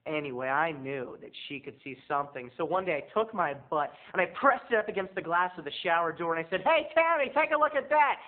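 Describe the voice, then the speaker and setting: A man, a video blogger, telling a comic story to his viewers in an animated, theatrical way. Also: fairly high pitch, fast, few pauses. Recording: tinny phone-like sound.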